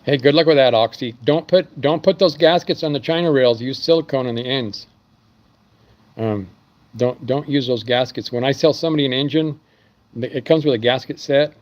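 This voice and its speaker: A man's voice: medium pitch, normal speed, darkish tone, muffled recording. A man who runs an engine machine shop, rambling through stories in a casual live stream. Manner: rambling storytelling with fillers.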